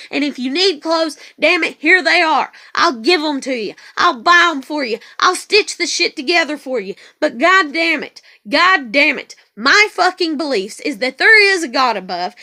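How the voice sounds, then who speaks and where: A woman with a high, bright, piercing voice delivers an angry vlog monologue. She swears constantly and drives her points home by repeating them. The delivery is raw and emphatic. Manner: heavily profane, ranting. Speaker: vlogger. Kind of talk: emotional monologue.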